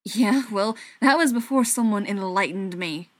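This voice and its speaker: A touchy, wounded young man who bristles and snaps, as a woman reading the story puts him on. His voice climbs and gets loud when his temper breaks. The recording is dry and close. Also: medium pitch, unhurried, no echo, lightly acted. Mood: angry. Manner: loud and snapping, voice rising when angry. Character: hot-tempered young man, hurt and defensive.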